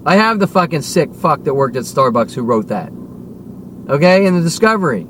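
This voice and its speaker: Angry high-voiced man ranting. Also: a little hiss or hum. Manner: heated, profane, repeatedly demanding "okay?". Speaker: vlogger.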